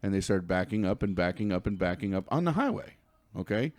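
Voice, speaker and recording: A male comedian, a guest on a podcast, tells a comic story with animated stammering restarts. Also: low-pitched, a little fast.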